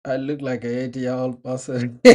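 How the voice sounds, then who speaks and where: A man's voice: mid-range voice, darkish tone. A young man live-streaming while he codes, chatting casually with slang, mumbling code aloud and often breaking into laughter.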